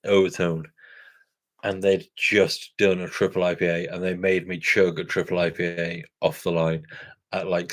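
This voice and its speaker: A man's voice: deep voice, a bit bright. Rambling, chuckling man. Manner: rambling, chuckling, self-correcting. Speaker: craft beer channel host. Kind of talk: casual rambling chat with viewers.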